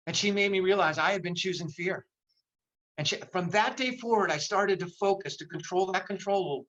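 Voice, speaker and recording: A man's voice: fairly high pitch, bright, forceful tone, lo-fi sound. An older man giving an impassioned motivational talk in a virtual seminar, repeating phrases for emphasis. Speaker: motivational speaker. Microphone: video call.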